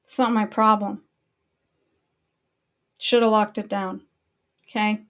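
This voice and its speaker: A woman's voice: mid-range voice, flat delivery, slow. Annoyed woman ranting casually. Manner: annoyed, blunt, swears freely. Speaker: online commentary host.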